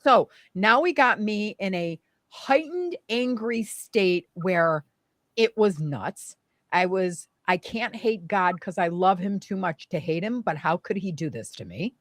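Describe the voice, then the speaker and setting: A young adult woman telling a painful personal story in conversation, emotional and animated, with many fillers. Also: medium pitch, measured pace, no echo. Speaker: guest.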